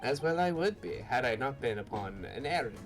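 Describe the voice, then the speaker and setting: Man voicing a theatrical Victorian sleuth; formal speech, mid pitch, light music bed. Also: expressive, fairly quick, lightly acted. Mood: grandiose. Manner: formal, theatrical, old-fashioned phrasing. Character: grand eccentric male Victorian detective. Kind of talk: reading game dialogue aloud with friends.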